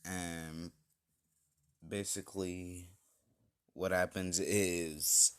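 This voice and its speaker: A man's voice: deep voice, level tone, drawn-out words, clean tone. A man casually retelling an improvised fan story, rambling with many fillers and self-corrections.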